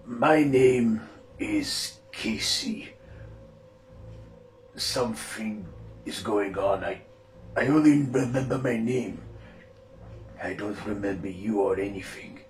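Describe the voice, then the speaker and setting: A man's voice: fairly low pitch, slight background noise. A man voicing a confused eighteen-year-old woman who speaks hesitantly. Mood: uneasy. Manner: hesitant, halting.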